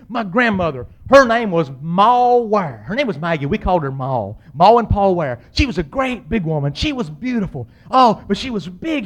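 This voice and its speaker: A man telling a humorous personal story, acting out the people in it and yelling out the exciting parts. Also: high voice. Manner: animated, acts out voices and yells.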